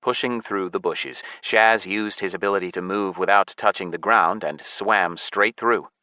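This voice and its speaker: A man narrating a science fiction audiobook in the first person with a steady, even delivery. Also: deep voice, normal speed, dry recording.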